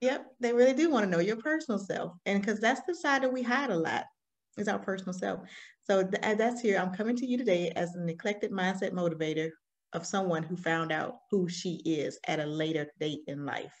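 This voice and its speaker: A woman in her forties with a Southern American accent, telling her story as an interview guest with lively, laughing energy. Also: medium pitch, fairly quick. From Alabama, US. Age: 40s. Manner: animated storytelling, laughs often. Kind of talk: conversational interview.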